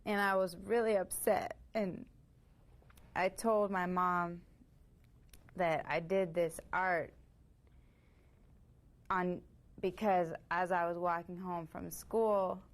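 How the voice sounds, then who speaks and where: An actress playing a defensive, earnest teenage girl who explains herself haltingly in a role-played mediation. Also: on the low side. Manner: halting, earnest, full of fillers. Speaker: young offender in mediation.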